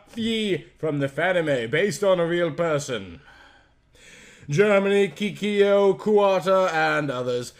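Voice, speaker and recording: Male host reading fan fiction aloud with mock gravity, slightly high pitch. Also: fairly bright tone. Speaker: channel host.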